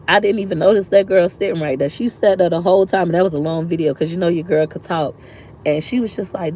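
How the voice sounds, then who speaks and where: A woman's voice: lowish voice, creaky, darkish tone, lo-fi sound, a little hiss or hum. A woman vlogger sitting in a park outdoors, talking earnestly and from the heart, repeating lines for emphasis. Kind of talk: emotional motivational vlog talk.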